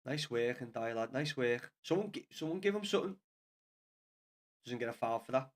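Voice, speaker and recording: A man's voice: mid-range voice, expressive, normal speed. A man with a Scouse accent giving sweary, frustrated live commentary to viewers as he watches a football match from a small home studio. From Liverpool, England.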